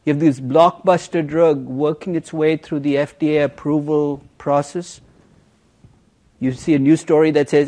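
A man teaching a university finance class, emphatic and lively, teasing students with questions. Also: a little high, moderate pace. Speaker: finance professor. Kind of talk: university lecture.

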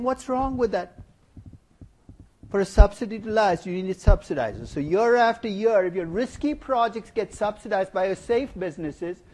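A middle-aged man giving a university finance lecture, animated and playful, asking the class rhetorical questions. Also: sits high. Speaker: finance professor. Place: lecture hall.

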